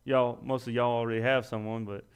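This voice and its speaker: A man's voice: medium pitch, little pitch movement, a little fast, clean tone. A young man preaching a sermon in a folksy, self-deprecating way, rising to emphatic peaks.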